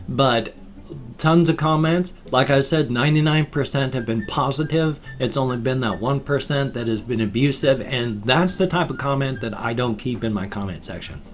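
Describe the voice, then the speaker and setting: An older man vlogging alone, talking casually and in a folksy, rambling way, his sentences often trailing off softly. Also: mid-range voice. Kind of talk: casual vlog monologue.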